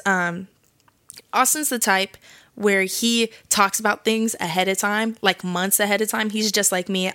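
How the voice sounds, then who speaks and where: A woman's voice: medium pitch, fairly bright tone, dry recording, studio quality. A young woman hosting a casual faith podcast, chatty and slangy, laughing often as she tells a story. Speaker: podcast host.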